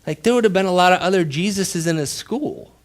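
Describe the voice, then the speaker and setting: A male pastor preaching a sermon with dramatic storytelling, dropping to a hush and then rising loud for emphasis. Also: high voice, expressive, brisk. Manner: dramatic storytelling, swings between hushed and loud.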